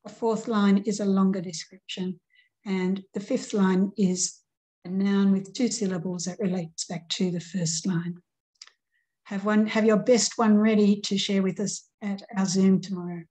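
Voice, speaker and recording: Slow, mellow-voiced woman teacher. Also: mid-range voice, steady tone, poor audio. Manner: reads examples aloud and counts syllables deliberately. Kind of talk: recorded remote grammar lesson.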